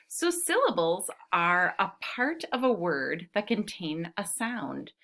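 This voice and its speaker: A woman's voice: on the low side, sing-song, slow, bright, forceful tone. A woman teaching preschool children, reading a picture book aloud and counting syllables with them in a patient, encouraging manner.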